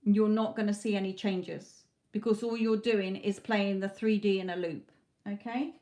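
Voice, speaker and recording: A woman's voice: mid-range voice, fairly even intonation, normal speed, warm tone. A British woman doing a live psychic tarot reading, talking straight to a viewer with blunt, motherly advice and a repeated "okay?". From Britain.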